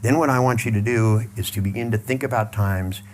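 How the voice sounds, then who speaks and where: Low-voiced man leading a blunt exercise. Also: brisk, a little mellow, a little hiss or hum. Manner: blunt, profane, repeats soothing cues. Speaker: seminar trainer. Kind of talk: guided mental exercise before an audience.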